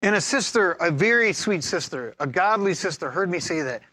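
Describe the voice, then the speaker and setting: A man preaching a sermon as pastor, lively and humorous, teasing his congregation and laughing often. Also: sits high, normal speed, no echo.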